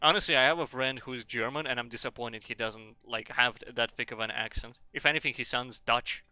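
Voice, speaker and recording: A man's voice: mid-range voice, brisk, pushed and bright, smooth, no echo. A man streaming a game and chatting casually in a rambling, sweary, joking way. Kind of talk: casual chat while gaming.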